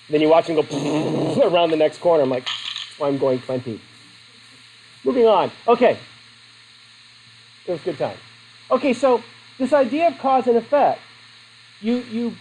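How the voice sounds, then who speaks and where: A man's voice: sits high, darkish tone, slight background noise, low-quality recording. A middle-aged man teaching a class in a joking, conversational way and putting questions to his students. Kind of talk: classroom lecture.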